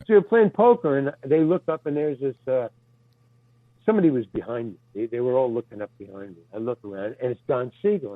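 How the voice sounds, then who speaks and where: Over a dry, tinny line that sounds like a phone, an older guest actor wanders through anecdotal stories. He restarts with stammers and drops casual curses, speaking at medium pitch in a somewhat mellow tone.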